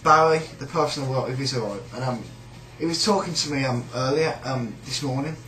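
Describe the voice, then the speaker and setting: A man's voice: medium pitch, brisk, bright, forceful tone, roomy sound, faint music behind, poor audio. A man with a British accent ranting in a sneering, rambling, sweary way about a coworker. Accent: British English. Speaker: shop worker. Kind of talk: casual rant.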